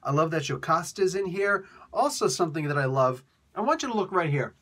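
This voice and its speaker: Excitable man reviewing comics, slightly high voice. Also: a little fast. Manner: excitable, rambling, laughs often. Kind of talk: casual video review.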